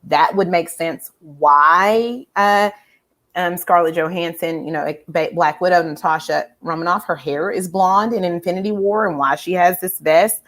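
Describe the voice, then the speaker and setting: A woman's voice: lowish voice, a little slow, fairly bright tone. Rambling, enthusiastic woman host. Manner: enthusiastic, rambling, many fillers and restarts. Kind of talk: casual pop culture chat.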